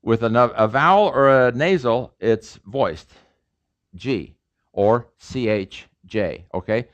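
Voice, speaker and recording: A man's voice: medium pitch, expressive, slow, highs cut off. A middle-aged man, a professor, lecturing an audience on pronunciation and repeating sounds emphatically to demonstrate them. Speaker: professor teaching a language class.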